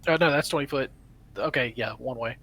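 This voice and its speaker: A man playing a tabletop game who thinks out loud while working out his spells and moves. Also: medium pitch, fairly quick. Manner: thinks aloud, counting out spell ranges. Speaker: player. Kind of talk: casual tabletop play.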